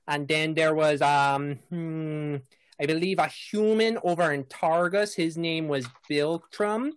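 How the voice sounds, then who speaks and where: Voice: medium pitch, fairly even intonation, slow, smooth, dry recording, natural voice. A game master voicing a male fisherman villager who drawls, rambles and loses his train of thought in a tabletop game. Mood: folksy.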